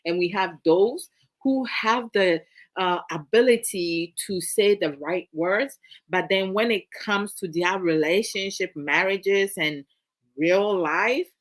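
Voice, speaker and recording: Slow-talking Ghanaian woman hosting a chat. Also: medium pitch. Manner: chatty and playful, mixes in Twi phrases. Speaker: host. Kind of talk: casual live-stream chat, reading viewer comments.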